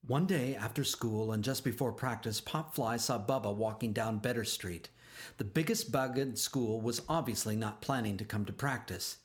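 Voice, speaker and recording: A man narrating a children's storybook aloud, expressive and slowing down for emphasis. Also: medium pitch.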